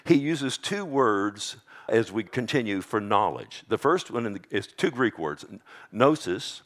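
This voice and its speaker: A man with a Texas accent preaching a sermon, talking casually to the congregation and asking them for amens. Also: sing-song. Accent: Texan. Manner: conversational, calls out to congregation for amens; slows and drops low on scripture lines.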